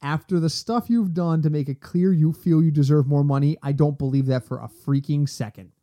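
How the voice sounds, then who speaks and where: Mellow-voiced man hosting a sports podcast. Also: fairly high pitch. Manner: animated, talks fast in bursts and rants. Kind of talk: casual sports chat.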